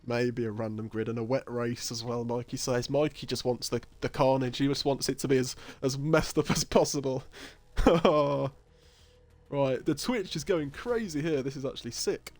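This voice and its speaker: A man's voice: mid-range voice, moderate pace, a little mellow, dry recording. Man, league stream host, loose and jokey, curses a lot, laughs easily. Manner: chatty, laughs often, swears, reads chat aloud. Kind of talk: casual live-stream commentary.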